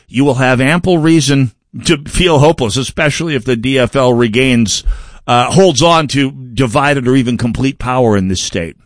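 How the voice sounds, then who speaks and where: A man's voice: mid-range voice, very animated, normal speed, no echo. A man hosting a political talk radio show, delivering a sardonic, digressive monologue into a close studio mic.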